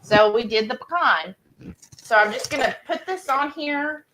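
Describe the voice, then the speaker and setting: A woman's voice: high-pitched, expressive, measured pace, background noise. A woman co-hosting a cooking video from her home kitchen, chatting casually and reading viewer comments. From Texas. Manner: chatty, says "y'all" often. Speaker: cooking channel co-host.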